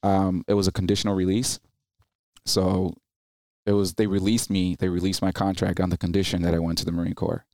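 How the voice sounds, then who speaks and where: A man's low voice comes through fairly quickly, with no echo. He's in his thirties, a Marine veteran guest on a podcast, telling stories in a casual interview. His delivery is animated, and he acts out the people he quotes in raised voices.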